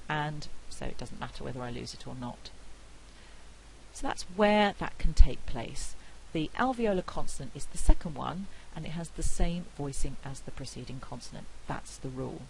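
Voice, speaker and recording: A woman with a non-rhotic British accent giving a university phonetics lecture, clear and deliberate, slowing down to demonstrate sounds. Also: low-pitched, slight background noise, poor audio. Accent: non-rhotic British English.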